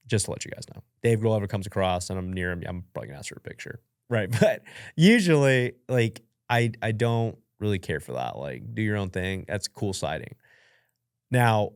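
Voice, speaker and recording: A man's voice: lowish voice, clean tone, no echo. A young man hosting a podcast, telling stories and answering questions in a chatty, self-mocking way, acting out his own reactions. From United States. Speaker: podcast host. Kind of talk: casual storytelling and Q&A. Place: professional studio. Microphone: studio mic. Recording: dry.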